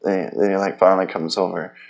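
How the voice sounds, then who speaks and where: A man talking in a loose, rambling personal monologue, profane and halting, with many restarts. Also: deep voice, flat delivery, creaky. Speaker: vlogger.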